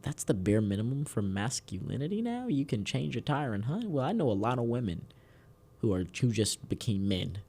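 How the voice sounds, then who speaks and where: A man's voice: medium pitch, very animated, moderate pace, mellow. A man with a Southern US accent hosting a casual political podcast, joking and rambling with theatrical emphasis. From Houston, Texas. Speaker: podcast host.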